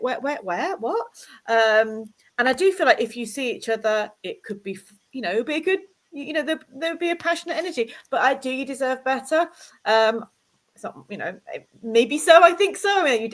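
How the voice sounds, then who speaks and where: A woman's voice: fairly high pitch, fairly bright tone. A woman from the UK giving a chatty, hesitant live tarot reading, acting out little quotes. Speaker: tarot reader.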